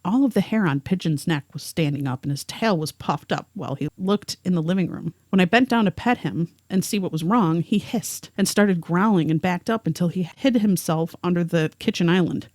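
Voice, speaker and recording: A woman's voice: on the low side, fairly quick, hardly any pauses, a little mellow, no echo. Podcast lady reading out a creepy first-hand story, dry sound, no room. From rural area. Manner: reads a first-hand account aloud. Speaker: podcast co-host. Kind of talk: narrated storytelling.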